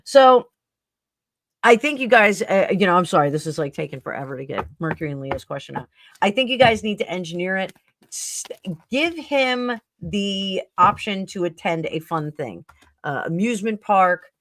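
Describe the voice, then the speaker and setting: A woman's voice: fairly low pitch, animated, moderate pace, fairly bright tone, no room sound. A middle-aged woman hosting a live tarot stream, chatting casually and rambling with fillers and self-corrections.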